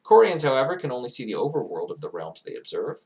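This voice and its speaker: This man's voice is mid-range, mellow and creaky, and he talks fast and with great animation. Playing the guide of a fantasy realm, he narrates grandly, wanders off on tangents, and rises at times to emotional heights.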